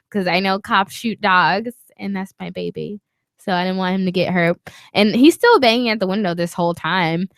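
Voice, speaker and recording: A woman co-hosting a podcast, telling a story in casual chat, animated and swearing, acting out what others said. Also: medium pitch, no room sound. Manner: animated, swearing, acts out quotes. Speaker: podcast co-host. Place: small podcast studio.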